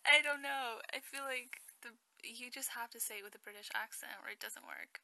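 A young woman in a whispered role-play as a girlfriend, playful and teasing, giggling through soft pet-name banter. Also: a little high, steady tone, normal speed, creaky, hardly any pauses, no echo.

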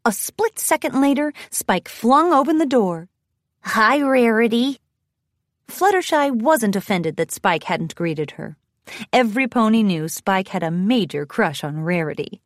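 A woman narrating a children's storybook in a bright, expressive reading. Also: mid-range voice, normal speed, no room sound, studio quality.

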